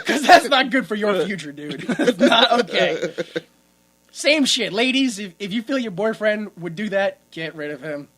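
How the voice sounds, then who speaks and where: A woman's voice: medium pitch, big pitch swings, measured pace, a bit bright. A woman co-hosting a casual movie-riffing podcast, talking with exaggerated indignation, swearing and laughing often. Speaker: podcast co-host.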